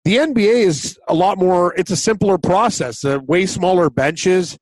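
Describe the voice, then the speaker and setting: A man with a high voice co-hosting a casual sports betting podcast. He is easygoing, laughs a lot and teases his partner. The sound is dry and close-miked. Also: normal speed, dry recording. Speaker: podcast co-host.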